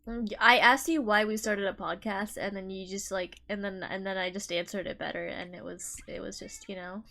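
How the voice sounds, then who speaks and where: A woman's voice: mid-range voice, fairly even intonation, brisk, pushed and bright. A young adult woman co-hosting a podcast in casual chat, rambling with many restarts and a giggly manner. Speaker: podcast co-host.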